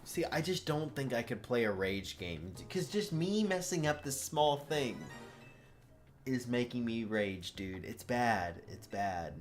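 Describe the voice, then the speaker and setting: An exasperated male streamer talks himself through a game, his voice swinging widely between low grumbles and sudden high outbursts. He speaks slowly, with frequent sighs, while faint music plays behind him. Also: lively intonation. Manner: frustrated muttering to himself, sighing. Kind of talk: live gameplay commentary.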